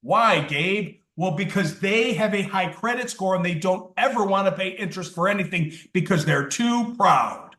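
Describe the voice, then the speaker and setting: A man's voice: high voice, animated, moderate pace, few pauses, a bit bright. A man training contractors in sales, talking with energy and acting out customer dialogue. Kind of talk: coaching session for contractors. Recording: roomy, distant from the mic.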